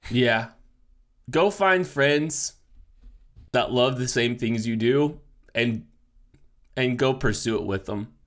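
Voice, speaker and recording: Tearful man, halting, slow speech. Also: medium pitch, a bit bright. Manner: halting, full of fillers and teary laughs. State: crying. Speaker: podcast co-host. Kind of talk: emotional podcast farewell.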